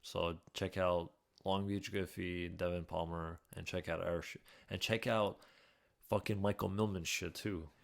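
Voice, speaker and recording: A man's voice: sits low, steady tone, measured pace, vocal fry. A man co-hosting a podcast in casual chat, chiming in with wisecracks. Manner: wisecracking, chimes in with quips.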